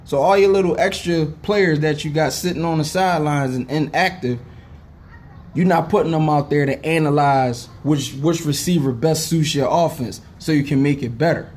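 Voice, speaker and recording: A man's voice: a little high, normal speed, a little mellow, a little hiss or hum. A young man, ranting to camera as a sports fan, profane and heated, with a headache, often saying "know what I'm saying". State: has a headache. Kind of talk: casual rant to camera.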